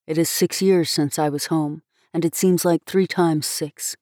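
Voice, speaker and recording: A man's voice: fairly high pitch, steady tone, measured pace, a little mellow, dry recording, clean studio sound, voice pushed down, natural voice. Woman reading as a courteous young man. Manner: formal, polite.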